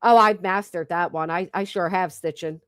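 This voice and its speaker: A woman's voice: fairly low pitch, steady tone, moderate pace, smooth, no room sound, studio quality. A woman hosting a reaction stream, talking bluntly and profanely to her chat. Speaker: livestream commentary host.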